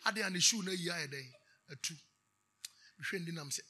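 A man with a Ghanaian English accent preaching a sermon, moving between chanted shouted declarations and quiet storytelling. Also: on the high side, normal speed, pauses often, a little hiss or hum.

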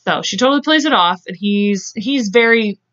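A woman's voice: mid-range voice, animated, moderate pace, a bit bright, highs cut off. A woman co-hosting a podcast, telling a true-crime story in a casual, chatty way and acting out the people's lines. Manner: chatty, acts out quotes with voices, laughs often. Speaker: podcast co-host.

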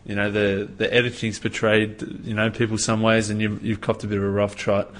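Aussie bloke interviewer, lowish voice, relaxed and chatty. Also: male voice, fairly quick. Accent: Australian. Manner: laid-back, with easy fillers. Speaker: podcast interviewer. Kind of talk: casual interview.

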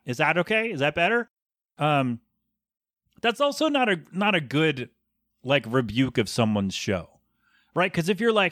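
On his casual solo podcast, a man in his thirties rambles and mocks a bad review with sarcastic, mock-professional delivery. His voice is a little high, bright and forceful, sing-song at a moderate pace, recorded cleanly on a podcast mic with no room sound.

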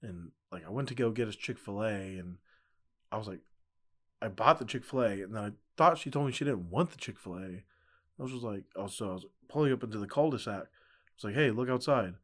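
A man's voice: on the low side, a little fast, a bit bright. A young man chatting casually as a podcast guest, telling a story in a laid-back way with lots of fillers and frequent laughs. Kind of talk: casual chat.

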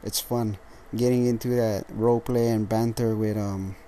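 A tired, lethargic man hosting a casual solo podcast, rambling with halting restarts and frequent swearing. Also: fairly low pitch, steady tone, warm tone, slight background noise. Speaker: podcast host.

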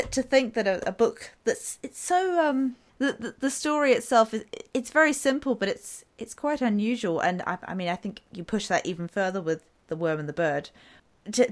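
A woman host asks questions in halting bursts, often restarting her sentences. She praises her guest with enthusiasm. Her voice has a middle pitch. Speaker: podcast host interviewer.

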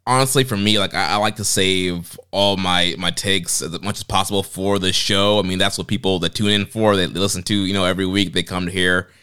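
A man co-hosting a podcast in relaxed, loose casual chat with plenty of fillers. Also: low-pitched, brisk, hardly any pauses, clear, resonant tone. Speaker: podcast co-host.

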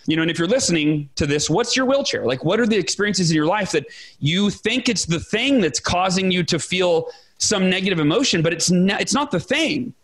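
A man in his forties, a guest author telling his story in a podcast interview with emphatic, animated delivery. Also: high voice, brisk. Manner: animated, emphatic, acts out quoted dialogue.

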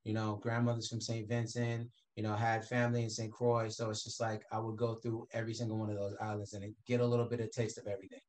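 A man's voice: fairly low pitch, completely flat delivery, fast talker, few pauses, darkish tone. A man from the Caribbean, a guest talking about his background in a casual interview, loose and full of "you know" fillers. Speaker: guest, entrepreneur.

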